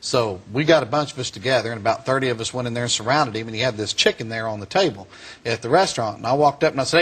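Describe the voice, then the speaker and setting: Bright-voiced man telling a funny story. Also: mid-range voice, rapid-fire. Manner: animated, chuckling storyteller. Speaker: speaker. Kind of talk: humorous storytelling speech.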